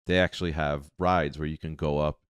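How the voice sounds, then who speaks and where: A man's voice: a bass voice, flat delivery, fairly quick, clean tone, no room sound, studio quality. A man hosting a podcast in casual solo talk, rambling and easygoing with many fillers. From Connecticut. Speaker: podcast host.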